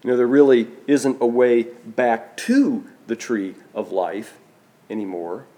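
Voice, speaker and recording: A man preaching a sermon, slow and deliberate, letting his voice drop soft on key phrases. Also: medium pitch, expressive. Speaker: pastor.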